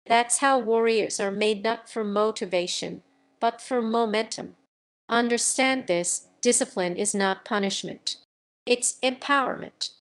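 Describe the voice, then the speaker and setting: A woman's voice: fairly high pitch, a little slow. Firm woman narrating motivational audiobook. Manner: firm, emphatic, short punchy sentences.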